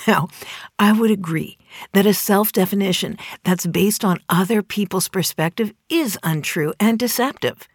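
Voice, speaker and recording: A woman in her forties giving an earnest, measured spoken reflection with dramatic emphasis. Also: mid-range voice, dry recording, clean studio sound. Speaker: inspirational speaker.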